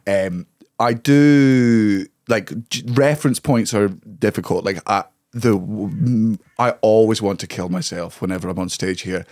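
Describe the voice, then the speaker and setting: A man's voice: lowish voice, a little slow, a little mellow, no echo, clean studio sound. Sweary scottish man telling stories. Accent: Scottish, Caithness. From Scotland. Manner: swears a lot, laughs through stories. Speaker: comedian guest. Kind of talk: casual podcast chat.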